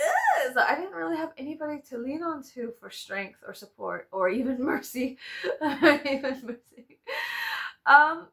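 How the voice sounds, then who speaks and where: High lively laughing woman vlogger. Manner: laughs a lot, swears freely, dramatic and self-mocking. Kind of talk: casual storytime chat to subscribers.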